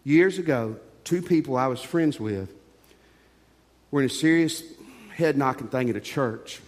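A man's voice: medium pitch, expressive, a little slow, darkish tone, in a large hall. A middle-aged male pastor preaching a sermon in an earnest, conversational way, telling stories from his own life.

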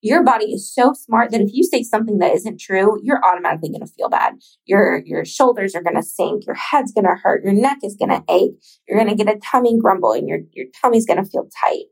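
A woman hosting a podcast, talking casually and encouragingly straight to the listener, with swearing and long pauses. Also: mid-range voice, expressive, creaky, a little mellow, husky, rough recording. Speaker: podcast host. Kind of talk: motivational podcast monologue.

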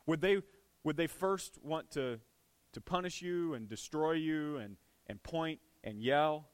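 A man's voice: on the high side, unhurried, clean tone. A man preaching a sermon in a church, earnest and conversational. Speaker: pastor.

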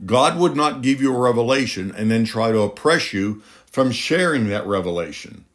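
Middle-aged guy preaching, medium pitch, punchy and emphatic, lots of questions to the crowd. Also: lively intonation, normal speed. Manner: emphatic, rhetorical questions, pitch rising on key lines. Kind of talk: sermon.

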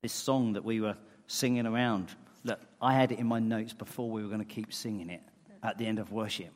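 A man preaching a sermon in earnest tones, moving between loud emphasis and soft, tender asides. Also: on the low side, fairly even intonation, a little fast. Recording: long hall reverb.

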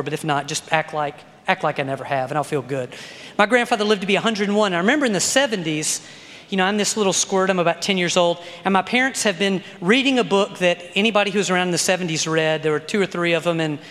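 High-voiced preaching man in a reverberant hall. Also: a bit bright. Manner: conversational preaching with frequent "okay?" tag questions. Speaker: pastor. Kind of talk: sermon.

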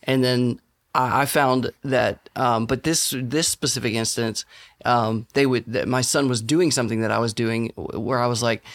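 A man talking as a guest in a casual podcast discussion, an animated storyteller. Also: mid-range voice, normal speed.

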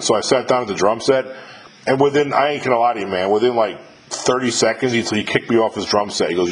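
The recording is rough, with slight background noise, as a middle-aged man interviews a musician on his podcast. He's a fast, animated talker with a mid-range voice, casual and profane, stumbling over fillers and restarts.

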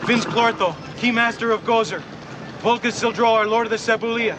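A man's voice: very high-pitched, fairly even intonation, fairly quick. An actor playing a possessed man who proclaims himself keymaster, in a theatrical, intense film clip. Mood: proclaiming. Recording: film clip with outdoor noise.

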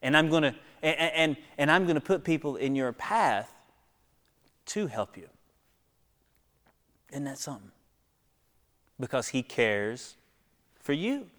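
A man preaching a sermon, swinging from hushed near-whispers to loud, high exhortations, with rhetorical questions and calls to the congregation. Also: animated, unhurried, pauses often. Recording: long echo of a large hall.

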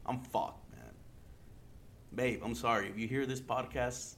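A man from Arizona talks loosely on his own podcast, rambling from one thought to the next with constant cursing and bits of Spanish slang. His voice is bright and forceful at an ordinary mid pitch, and he jokes and laughs at himself. There is a faint hiss of noise under the voice. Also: unhurried, vocal fry. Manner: rambling and heavily profane, slipping in Spanish slang. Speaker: podcast host. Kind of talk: casual solo podcast talk.

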